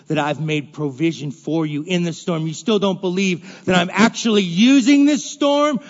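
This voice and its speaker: A man voicing Jesus, speaking low, solemn and emphatic in a sermon. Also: animated, slow. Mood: reproachful. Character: Jesus, a commanding, reproachful man. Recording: dull lo-fi recording in a reverberant hall.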